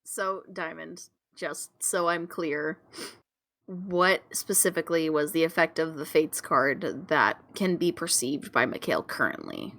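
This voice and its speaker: A woman's voice: deep voice, measured pace, a bit bright. A woman player carefully explaining rules in casual tabletop game chat.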